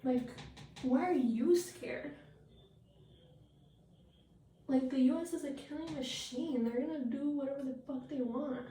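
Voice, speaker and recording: Woman, high voice, blunt profane rant, makeup vlog, echoey room, distant mic. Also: normal speed, dark tone, a little hiss or hum. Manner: trailing off with fillers. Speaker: vlogger. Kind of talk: get-ready-with-me rant. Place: at home doing her makeup.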